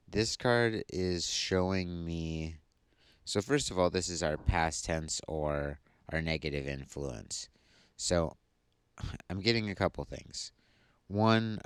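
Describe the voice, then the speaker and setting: A sleepy man talks through a tarot reading in a very low, smooth voice. He takes his time, pausing often as he works out what each card means. The sound is dry and close. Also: no echo. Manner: slow, thoughtful explaining. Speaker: tarot reader.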